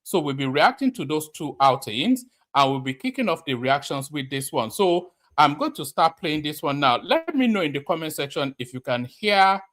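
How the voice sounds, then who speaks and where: A man's voice: fairly high pitch, lively intonation, moderate pace, hardly any pauses, a bit bright. Rambling male livestream host. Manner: rambling, many fillers and restarts. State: slightly out of breath. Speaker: commentator host. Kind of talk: casual livestream commentary.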